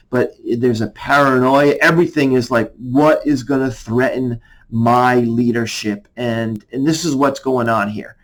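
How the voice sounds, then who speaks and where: A man's voice: medium pitch, rough recording. A man, an army chaplain, giving a conversational devotional message and reading scripture passages aloud.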